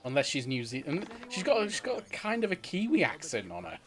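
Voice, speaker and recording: A man's voice: on the high side, huge pitch swings, brisk, a bit bright, slight background noise. Wisecracking man streaming a game. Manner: wisecracking, crude jokes. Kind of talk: casual gameplay commentary.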